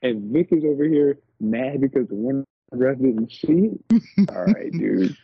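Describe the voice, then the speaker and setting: A man co-hosting a wrestling podcast, incredulous and animated, his pitch leaping around as he retells the show. His voice is husky and mellow. The recording is dry and dull, like a lo-fi mic. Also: a little slow, no room sound. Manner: animated, incredulous, laughs while telling. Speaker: podcast co-host. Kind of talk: casual wrestling recap chat.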